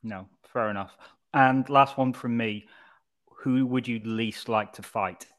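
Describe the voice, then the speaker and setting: A man co-hosting a fan podcast, putting short, quick-fire questions to his guest. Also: mid-range voice, fairly even intonation, fairly bright tone. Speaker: podcast co-host. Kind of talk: casual podcast interview.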